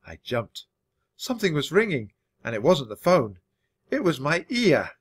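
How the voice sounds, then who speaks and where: A man reading a children's book aloud for English learners, with expressive, animated storytelling. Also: fairly high pitch, a little slow, slightly rough. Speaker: storybook reader.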